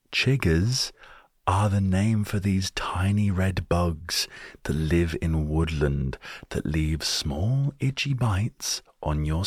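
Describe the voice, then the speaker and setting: A man's voice: deep voice, husky, dry recording, studio quality. A British man hosting a solo storytelling podcast, talking with wry, self-deprecating humor. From Britain. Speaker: podcast host.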